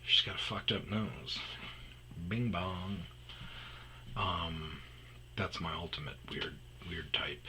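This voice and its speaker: A man's voice: low voice, takes it slowly, pauses often, pushed and bright, slight background noise, poor audio. A man hosting a podcast, rambling through a personal story and trailing off into mumbles. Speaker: podcast host.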